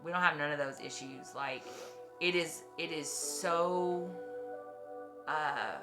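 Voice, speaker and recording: Low-voiced profane woman in her forties. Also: slow pace, creaky. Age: 40s. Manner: blunt, profane and effusive. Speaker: streamer. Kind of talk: emotional casual chat. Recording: music playing behind.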